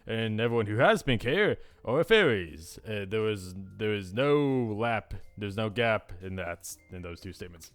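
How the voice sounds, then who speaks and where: A man's voice: fairly low pitch, animated, measured pace, few pauses, a bit bright, smooth, soft background music. A young man hosting a let's play of a visual novel, with goofy, rambling asides. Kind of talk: casual commentary on a visual novel.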